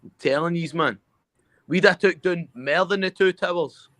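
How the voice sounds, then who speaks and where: A man with a Glaswegian Scottish accent, tipsy, taunting and swearing loudly as a rowdy guest on a comedy podcast. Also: fairly high pitch, moderate pace, dry recording. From Scotland. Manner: brash, profane, taunting. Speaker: call-in guest.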